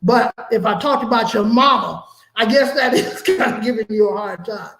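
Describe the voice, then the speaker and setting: A comedian guest on a chat show, telling animated and profane stories in a casual way. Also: male voice, sits high, moderate pace, vocal fry, reverberant, rough recording. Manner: animated profane storytelling with laughs.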